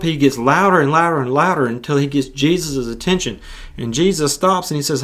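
A man's voice: a little high, fairly quick. A male preacher who hosts a podcast, giving an earnest sermon and often restarting and repeating himself. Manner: earnest, repetitive, with frequent restarts.

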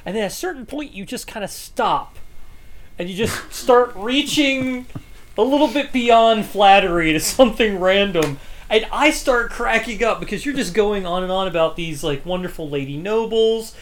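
A woman's voice: medium pitch, expressive, normal speed. A woman co-hosting a casual chat, rambling and laughing often as she acts out quotes. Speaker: podcast co-host.

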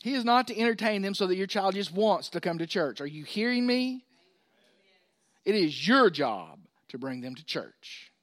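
Folksy high-voiced pastor preaching. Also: male voice, big pitch swings, normal speed, fairly bright tone, no room sound, clean studio sound. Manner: folksy, conversational preaching with asides to the congregation. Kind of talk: sermon.

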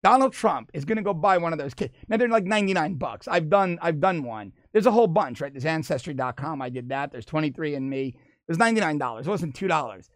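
A middle-aged man holding forth as a political commentator, his pitch swinging widely as he mocks his targets and breaks into laughter. His voice sits a bit high for a man and sounds close and dry, with no room around it. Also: fast talker, no room sound. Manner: animated, mocking, laughs while talking. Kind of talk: opinion monologue.

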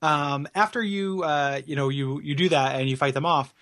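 A man's voice: on the high side, moderate pace, a bit bright. A man co-hosting a podcast in casual chat, talking in a chatty, enthusiastic way and laughing often. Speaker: podcast co-host.

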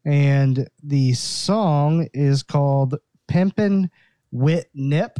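A man co-hosting a music podcast in a relaxed, jokey way. He talks slowly and draws words out, in a slightly high voice. The sound is dry and close. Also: no room sound. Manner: relaxed, jokey, drawn-out delivery. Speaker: podcast co-host. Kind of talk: casual chat.

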